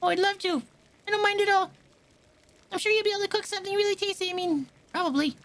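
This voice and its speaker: A woman voicing a fussy, proud young woman cook in a video game, reading her lines aloud in a high, chirpy, indignant voice. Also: fairly even intonation, fast talker, a bit bright.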